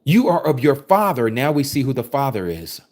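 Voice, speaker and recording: Male preacher, mid-pitched, lively and emphatic, scripture-study sermon. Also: normal speed. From United States. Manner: emphatic, preachy, reading verses aloud and commenting on them.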